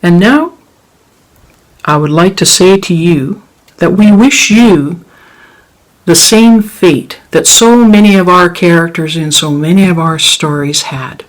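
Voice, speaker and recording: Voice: mid-range voice, low-quality recording. A storyteller telling a folk tale to a live audience and then closing the evening as host. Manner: slow, expressive storytelling.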